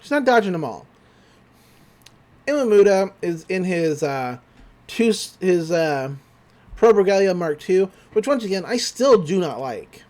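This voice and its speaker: High-voiced guy recapping an anime. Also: sing-song, a little slow, darkish tone. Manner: loose retelling, breezy paraphrased quotes, frequent fillers. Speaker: podcast co-host recapping an anime episode. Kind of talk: casual chat.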